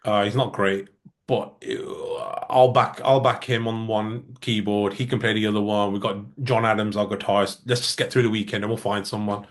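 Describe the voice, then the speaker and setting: A man's voice: fairly low pitch, normal speed. A man, a musician guest telling stories in a casual interview and acting out the dialogue he quotes. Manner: lively storyteller who acts out quoted dialogue.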